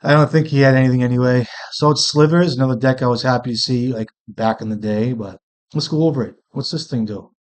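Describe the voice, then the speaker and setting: A man's voice: medium pitch, fast. A man streaming a card game, thinking aloud in casual, profane commentary and often muttering to himself.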